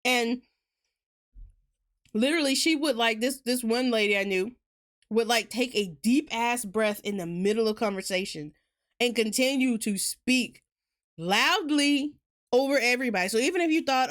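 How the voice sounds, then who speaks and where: Fast-talking Southern woman streamer. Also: on the high side. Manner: fast-talking, rambling, laughs often. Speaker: game streamer. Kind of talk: casual gaming chat.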